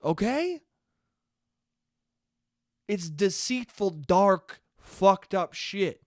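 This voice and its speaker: A man's voice: sits high, big pitch swings, extremely slow, dry recording. Ranting young man, dry close sound. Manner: ranty, profane, mocking put-on poet voices. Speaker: podcast host. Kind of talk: solo comedic rant.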